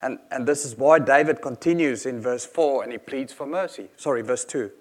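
A man's voice: mid-range voice, normal speed. Earnest male preacher reading scripture. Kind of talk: sermon.

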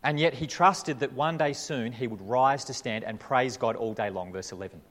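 A man's voice: mid-range voice, normal speed, fairly bright tone. A man preaching a sermon as a pastor, with emphatic delivery and frequent rhetorical questions. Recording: reverberant hall.

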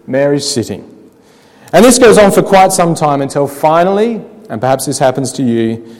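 A man preaching a sermon, telling the story dramatically with rhetorical questions, slowing down and dropping quiet to make points. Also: on the high side. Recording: long hall reverb.

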